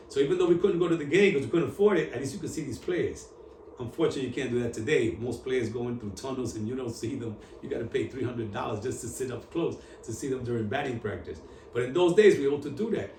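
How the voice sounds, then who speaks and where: Animated New man in his 60s, roomy and distant. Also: mid-range voice. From New York. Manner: animated, street slang, mixes in Spanish. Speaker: founder telling his story. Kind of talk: on-camera storytelling interview. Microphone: camera at a distance. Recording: echoey room, voice from off-mic, faint hum.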